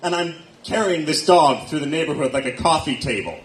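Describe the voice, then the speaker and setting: Stand-up comic guy from erie, bouncy pitch, roomy echo off the club walls. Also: a little fast. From Erie, Pennsylvania. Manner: self-deprecating, punchy deadpan delivery. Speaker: stand-up comedian. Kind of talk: stand-up comedy set with crowd work. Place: comedy nightclub stage. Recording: echoey club room.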